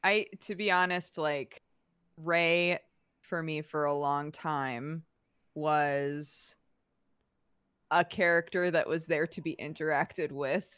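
A young woman hosting a casual manga podcast. She talks in an animated way, laughs often and swears freely. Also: sits low, takes it slowly, smooth, no room sound, studio quality. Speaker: podcast host. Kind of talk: casual chat.

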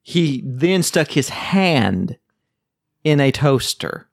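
A man's voice: a little high, sing-song, extremely slow, vocal fry. Joking, rambling podcast man. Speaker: podcast host. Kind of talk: casual chat.

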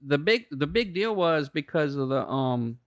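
A man's voice: fairly high pitch, measured pace, dry recording. A man in his forties, a military veteran, telling stories in casual chat with lots of profanity. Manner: profane, animated storyteller.

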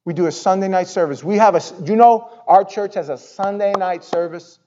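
A male pastor preaching a sermon in a church, talking in an animated, conversational way and often repeating words. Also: high-pitched, a little fast, highs cut off. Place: church sanctuary.

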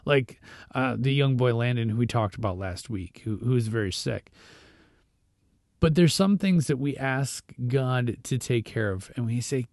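Guy hosting a quick devotional, reads scripture then chats it through kinda casual, mid-pitched, dry sound. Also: a little mellow, no room sound. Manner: conversational and reflective, with fillers and restarts. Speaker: devotional podcast host. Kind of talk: scripture reading and informal devotional talk.

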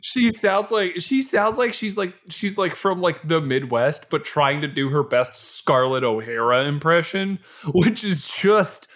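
A man from Georgia co-hosting a casual film-review chat, animated and often laughing in mock outrage. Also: fairly high pitch, measured pace, hardly any pauses. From Georgia, USA. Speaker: podcast co-host.

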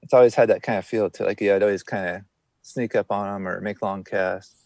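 A man's voice: lowish voice, steady tone, brisk, creaky, darkish tone, dry recording. A man chatting casually as a guest, rambling and often trailing off and restarting. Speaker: guest angler. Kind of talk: casual podcast chat.

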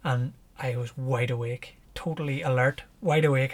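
A man with a Northern Irish accent, a podcast guest telling his story in a relaxed, lively way and chuckling as he goes. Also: mid-range voice, normal speed, few pauses. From Northern Ireland. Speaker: podcast guest, ultra runner. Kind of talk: casual storytelling.

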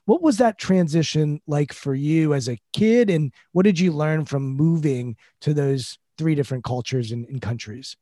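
Podcast host with a dry, close voice. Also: male voice, a little high, mellow, no room sound. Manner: reflective, measured questions. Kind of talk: podcast interview.

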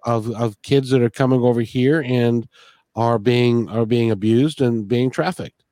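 Halting, dry-voiced male host. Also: mid-range voice, fairly even intonation, dark tone, no room sound. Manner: halting, repeats words often. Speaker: podcast host. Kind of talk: casual interview chat.

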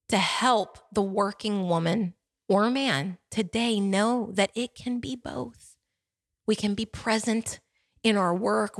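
A woman hosting a solo podcast, talking with passion, repeating phrases and asking rhetorical questions, sometimes dropping to hushed tones. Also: mid-range voice, no echo, clean studio sound. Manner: drops to soft, hushed tones. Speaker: podcast host.

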